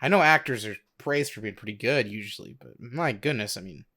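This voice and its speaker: A man's voice: mid-range voice, animated, brisk, pushed and bright. A young man co-hosting a podcast in casual chat, hesitant, often stammering and restarting his sentences. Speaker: podcast co-host.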